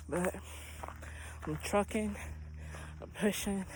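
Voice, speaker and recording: A woman out of breath, talking quietly to her camera while hiking an outdoor trail. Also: medium pitch, very slow, slight background noise, rough recording. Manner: breathless, quiet, talks between gasps. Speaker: vlogger. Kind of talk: casual vlog chat on a walk.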